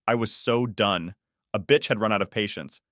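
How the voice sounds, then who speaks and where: A man reading an online post aloud as a story narrator, in a steady, even reading voice. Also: lowish voice, normal speed, no room sound, clean studio sound.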